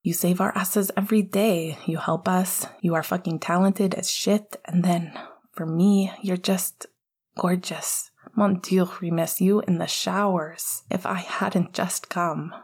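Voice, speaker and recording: A woman voicing an affectionate, nervous young male hockey player in a soft, half-whispered way. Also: fairly low pitch, steady tone, measured pace, husky. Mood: adoring.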